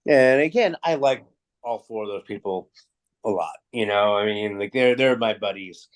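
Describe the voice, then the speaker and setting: A man's voice: fairly low pitch, moderate pace. Male guest, casual storytelling, acts out what people said, swears a lot. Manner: animated anecdotes, acting out quoted dialogue, frequent swearing. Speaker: guest, music promoter.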